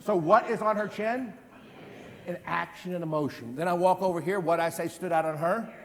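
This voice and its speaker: A man in his fifties giving an energetic live stage demonstration as a memory trainer, quizzing the audience with repeated questions. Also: sits high, normal speed. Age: 50s. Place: large event hall. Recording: long hall reverb.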